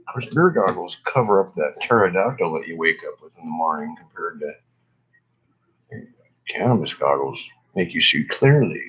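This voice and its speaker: A man's voice: lowish voice, a bit bright, low-quality recording. A stoned man, coughing often, rambling in a laid-back, profane way during a casual cannabis vlog session. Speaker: cannabis vlogger. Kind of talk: casual smoking session chat.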